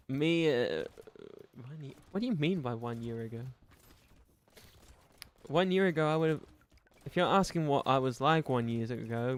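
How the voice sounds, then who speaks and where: A young man with a clear, resonant, mid-range voice streams a game and chats casually with viewers, reading their comments aloud. He rambles, mocks himself, laughs a lot, and plays both sides of conversations he imagines.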